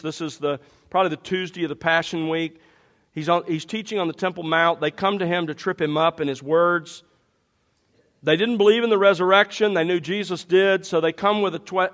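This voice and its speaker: High-voiced man preaching with emphasis. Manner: animated, emphatic Bible teaching with rhetorical questions. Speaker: pastor. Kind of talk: sermon.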